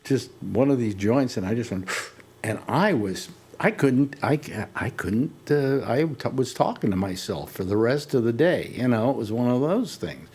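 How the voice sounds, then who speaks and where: A man's voice: mid-range voice, lively intonation, moderate pace, darkish tone, breathy edge. An older man hosting a casual talk show, rambling through stories with many restarts. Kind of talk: casual chat.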